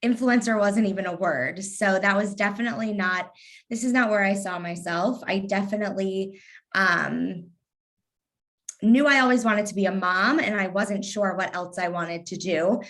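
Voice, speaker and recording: A woman's voice: medium pitch, moderate pace, fairly bright tone. Woman, thirties, light Kentucky twang, sarcastic, witty, casual interview guest. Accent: light Southern (Kentucky). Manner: sarcastic, witty, laughs easily. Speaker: guest, lifestyle influencer.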